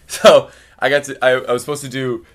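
A man, a stand-up comic, chatting casually and telling animated stories, acting out quotes and laughing often. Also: medium pitch, a little fast. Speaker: stand-up comedian guest. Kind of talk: casual chat, storytelling.

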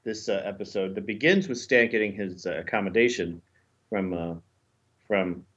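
A man's voice: lowish voice, moderate pace, a bit bright, muffled recording. A man co-hosting a podcast, chatting casually and digressively while recapping a TV episode. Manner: chatty, digressive, jokey asides. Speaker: podcast co-host.

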